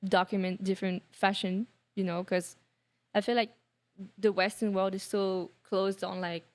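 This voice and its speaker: A woman from France with a French accent, a guest on a podcast, talking in a relaxed, reflective way with frequent fillers. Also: mid-range voice, normal speed. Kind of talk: casual interview chat.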